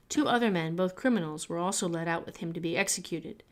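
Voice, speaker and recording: A woman reading scripture aloud for a church, clear and steady. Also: lowish voice, quick pace, hardly any pauses. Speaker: Bible reader.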